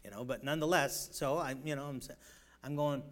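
A man preaching a sermon in a rambling way, with many fillers and restarts, swinging from loud emphatic bursts to quiet storytelling. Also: mid-range voice, fairly quick. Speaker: pastor.

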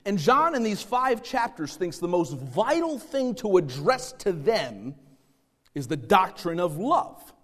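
A man's voice: sits high, big pitch swings, measured pace. Emphatic male pastor in a reverberant hall. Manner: emphatic preaching that swings between loud stressed words and quiet asides. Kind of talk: sermon.

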